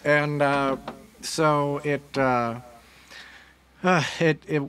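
A man's voice: medium pitch, fairly bright tone. A man co-hosting a podcast, discussing politics casually, often starting with hesitant fillers. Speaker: podcast co-host.

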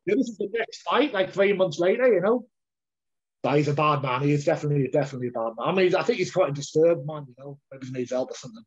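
This guest, a heavyweight MMA fighter, tells a long story in a casual interview, rambling and repeating words. His voice runs high and husky, animated and quick. The audio is dull and lo-fi.

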